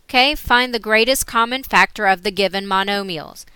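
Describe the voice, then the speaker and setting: Bright, clear woman teaching algebra step by step. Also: mid-range voice, normal speed, dry recording. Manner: steady step-by-step explaining. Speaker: math teacher. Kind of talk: recorded screen lesson.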